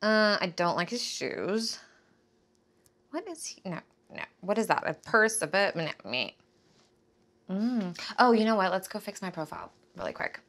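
An actress playing a defensive, sharp-tongued young woman in a scripted series, snappy and exasperated. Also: mid-range voice, big pitch swings, moderate pace. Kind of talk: scripted web-series acting.

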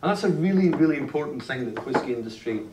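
Speaking quickly in a slightly high voice, a Glaswegian man in his fifties with a Scottish accent delivers a lively whisky talk at an indoor tasting event. The whisky writer tells stories, leans on "you know," and frequently starts over. Recorded by a distant camera among the audience, the sound is roomy with faint noise.

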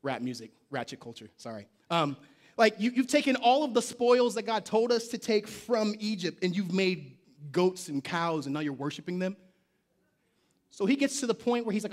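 A male pastor preaching a lively sermon in a church, shouting call-and-response lines and dropping slangy jokes and asides. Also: sits high, brisk. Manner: casual slangy asides and joking. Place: church sanctuary.

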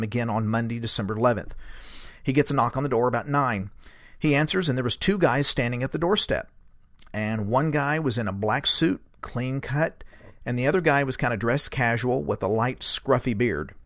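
A man's voice: mid-range voice, moderate pace, a bit bright, dry recording. Dry-voiced male storyteller. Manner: retells events with quoted dialogue, fillers like "uh" and "you know". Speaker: podcast host recounting a witness account. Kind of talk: storytelling narration.

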